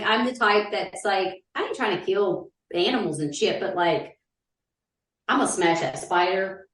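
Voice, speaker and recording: A woman, co-hosting a casual podcast, blunt and animated. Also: roomy sound, far from the mic. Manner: animated, swinging pitch, blunt and profane. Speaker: podcast co-host. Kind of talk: casual chat.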